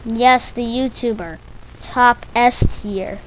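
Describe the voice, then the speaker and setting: A woman with a high voice talks in an unhurried, meandering way. She stumbles over her words as she goes. Her delivery is playful and silly, like a casual monologue made for her own channel. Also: slight background noise, low-quality recording. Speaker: video creator.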